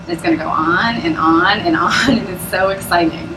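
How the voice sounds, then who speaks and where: Bubbly woman pitching from afar. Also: normal speed, recorded from a distance, noisy background. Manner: bubbly, chatty, laughs often. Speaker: presenter at a business opportunity meeting. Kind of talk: sales pitch talk to a live audience.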